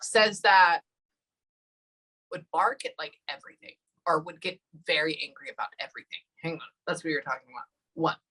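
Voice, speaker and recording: A woman in her thirties giving a spirit reading, talking haltingly and thinking aloud with many pauses. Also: sits low, expressive, bright, forceful tone, slightly rough, low-quality recording. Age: 30s. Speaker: psychic medium.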